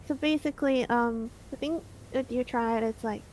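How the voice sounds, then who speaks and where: Playful woman streamer, giggly and teasing, a little high-pitched, light hiss behind. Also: moderate pace, darkish tone. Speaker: vtuber streamer. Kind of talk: casual stream chat. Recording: faint background noise.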